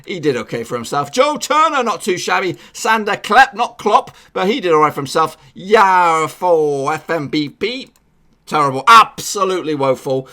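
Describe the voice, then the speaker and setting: A man vlogging his football predictions in a casual, jokey way, shouting out viewers with repeated catchphrases. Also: on the high side.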